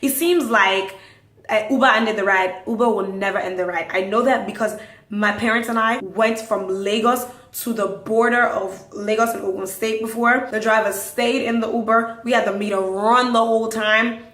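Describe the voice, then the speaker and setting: A woman's voice: fairly high pitch, normal speed. A young woman podcast host telling a wild story casually, acting out the quotes. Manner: animated, dramatic retelling with acted-out quotes. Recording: roomy, distant mic.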